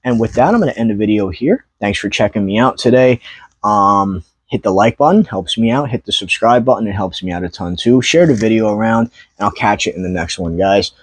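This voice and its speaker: A man's voice: lowish voice, brisk, breathy edge, no echo. Fired-up man ranting into a dry mic. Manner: angry, profane rant with rising outbursts. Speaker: YouTuber ranting about trading card sellers. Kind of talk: heated commentary vlog.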